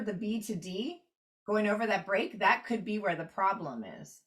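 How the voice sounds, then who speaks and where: A woman leads an online clarinet lesson, talking through practice rhythms one step at a time. Her voice sits at a middle pitch, heard over a video call. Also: moderate pace, fairly bright tone, faint music behind. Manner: explanatory, walks through steps while annotating. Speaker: clarinet teacher.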